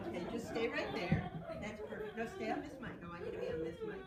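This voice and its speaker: A woman's voice: sits high, recorded from a distance, very noisy. A woman storyteller telling a children's tale at a bookstore in a sing-song, playful way, talking with the audience. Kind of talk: live children's storytelling with guitar. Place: bookstore event. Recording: roomy store with loud guitar.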